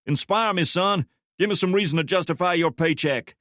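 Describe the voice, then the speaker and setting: Brief: icy audiobook boss, high and loud, curt orders, voiced by a male narrator. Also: fairly quick, dry recording, clean studio sound. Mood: cold demanding. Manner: curt, commanding, raised voice. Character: intimidating male boss, cold and demanding.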